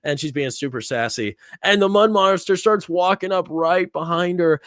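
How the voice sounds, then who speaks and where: A young man talks in a casual, rambling way, piling on fillers and breaking into small laughs as he recaps. His voice sits a bit high for a man. The sound is dry and close, with no room around it. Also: normal speed, few pauses, no echo. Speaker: host. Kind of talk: casual review chat.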